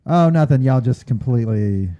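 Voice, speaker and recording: A man's voice: mid-range voice, expressive, normal speed, dark tone, muffled recording. A man co-hosting a casual podcast, joking in a wry, dry way. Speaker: podcast co-host.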